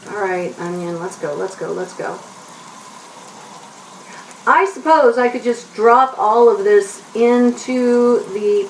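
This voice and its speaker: A woman's voice: mid-range voice, recorded from a distance, slight background noise. A woman hosting a kids' cooking show, chatting to herself as she cooks in a home kitchen, with onions sizzling behind her. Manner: chatty, talks to herself while stirring. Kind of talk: casual cooking demonstration for kids. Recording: roomy kitchen, mic set back. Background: onions sizzling in a pan.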